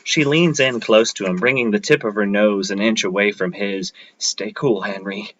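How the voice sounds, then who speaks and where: Brief: man reading his own fiction at an open mic, low and bright, steady delivery, dull livestream audio. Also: normal speed, a little hiss or hum.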